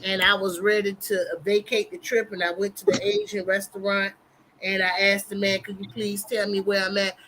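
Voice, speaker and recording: A woman's voice: medium pitch, level tone, moderate pace, a bit bright, a little hiss or hum, rough recording. A woman hosting a live online game show chat, laughing through her stories. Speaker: host.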